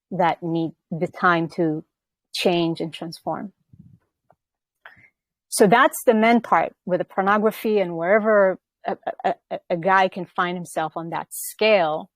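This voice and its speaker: Woman, podcast host, low voice, earnest and explanatory, dry close sound. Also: no room sound. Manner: earnest, explaining with frequent "right?" and restarts. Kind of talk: casual spiritual conversation.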